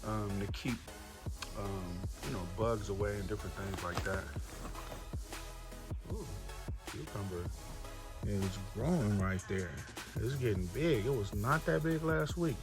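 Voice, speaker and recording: A man casually walking viewers through his home garden, chatty and relaxed, calling them y'all. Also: fairly low pitch. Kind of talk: casual walk-through narration. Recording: music playing clearly behind the voice.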